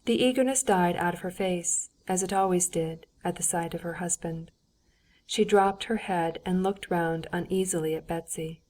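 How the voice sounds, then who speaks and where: A woman reads a classic novel aloud as an audiobook narrator. Her voice is lowish and mellow, and her storytelling stays even and measured. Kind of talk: scripted narration.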